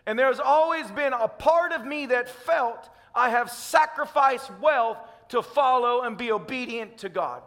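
A man's voice: extremely high pitch, animated, measured pace, few pauses, fairly bright tone, in a large hall. A man from Tennessee with a Southern accent, preaching a fervent, emphatic sermon as pastor. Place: church sanctuary.

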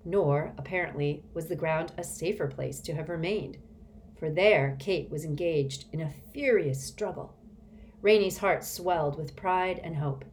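Lady reading a kids' novel aloud, lowish voice, faint hiss in the back. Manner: measured, expressive storytelling. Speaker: audiobook narrator. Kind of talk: scripted audiobook narration.

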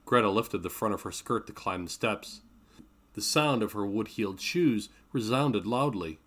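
A low-voiced man reading aloud from his own novel. He narrates in an even, measured way, with clear storybook pacing. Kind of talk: audiobook narration.

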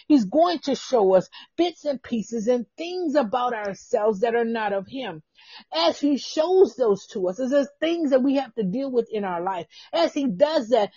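A woman's voice: on the high side, dark tone, husky, no room sound, muffled recording. A woman pastor preaching a fervent podcast sermon, with repeated exclamations and bursts of speaking in tongues, who laughs at herself and talks straight to the listeners.

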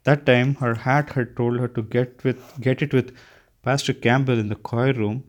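A man's voice: medium pitch, fairly even intonation, moderate pace. A man reading a first-person novel aloud, unpolished, often stumbling and restarting words. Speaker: audiobook reader.

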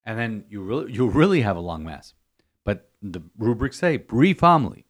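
A priest gives a homily-style reflection on scripture for a podcast, speaking emphatically, repeating phrases, and stumbling and restarting his sentences. His voice is fairly low and sing-song, darkish in tone, at normal speed.

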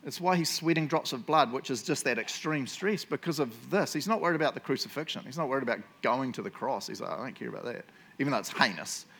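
A man preaching a sermon in an earnest, conversational way, with fillers and restarts, who slows down to read quotes with weight. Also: mid-range voice, expressive, a bit bright. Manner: reads quotes slowly and with weight.

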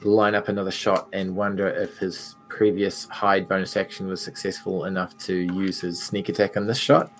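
Male player, low voice, playful and self-mocking. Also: level tone, moderate pace, hardly any pauses, faint music behind. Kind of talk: casual tabletop play.

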